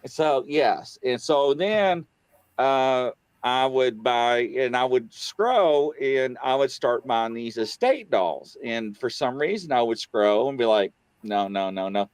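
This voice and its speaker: A man casually telling a story on a talk show, acting out the dialogue and jumping high in pitch when he gets excited. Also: takes it slowly, clean tone, no echo. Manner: animated, acts out quoted dialogue, voice jumps high when excited. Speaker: guest on a paranormal talk show.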